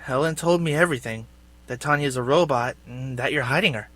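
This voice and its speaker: A man's voice: mid-range voice, fairly bright tone, dry recording, close to an everyday voice. An actor playing a smug young man who coldly taunts his former friend in a video game. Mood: taunting. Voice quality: cold, taunting, measured.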